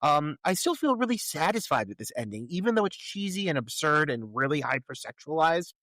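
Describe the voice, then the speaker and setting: A man talks through a film on his podcast in a loose, candid way, with crude jokes and plenty of hesitant pauses while he searches for words. The sound is dry and close, with no room around it. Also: on the high side, very animated, bright, forceful tone, no echo. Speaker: podcast co-host. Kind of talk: casual film commentary chat.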